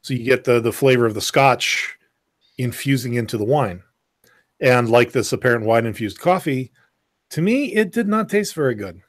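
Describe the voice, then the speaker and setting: Halting, word-repeating male co-host. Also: mid-range voice, animated, no room sound, studio quality. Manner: halting, repeats words, fillers. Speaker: podcast co-host. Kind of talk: casual chat.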